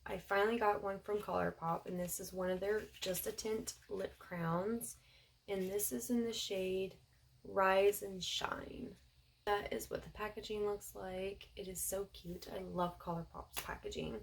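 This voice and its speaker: A woman's voice: medium pitch, steady tone, normal speed, vocal fry, a little hiss or hum, poor audio. A young adult woman, gushing her way through a casual beauty haul review with lots of fillers. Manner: chatty, gushing, with frequent fillers. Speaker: beauty vlogger.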